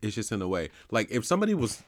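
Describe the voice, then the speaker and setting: A man's voice: lowish voice, very animated, rapid-fire, no echo, clean studio sound. A man co-hosting a podcast in casual chat, joking and putting on brash voices in his stories. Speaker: podcast co-host.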